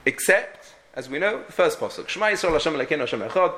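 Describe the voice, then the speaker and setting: Man teaching a halachic lesson, bright voice. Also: fairly high pitch, expressive, fast talker. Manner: thinking aloud with frequent restarts, heavy Hebrew and Yiddish terms. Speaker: Torah teacher.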